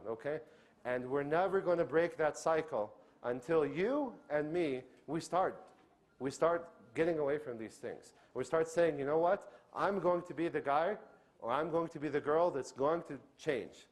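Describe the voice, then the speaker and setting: A man, a doctor giving an earnest religious lecture, who asks the audience questions, answers them himself and often checks in with "okay?". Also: fairly high pitch.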